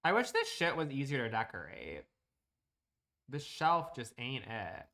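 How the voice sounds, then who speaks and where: A man's voice: medium pitch, huge pitch swings, measured pace, creaky, sharp tone, a little hiss or hum. A man casually chatting on a live stream while he plays a building game, teasing and swearing freely at home.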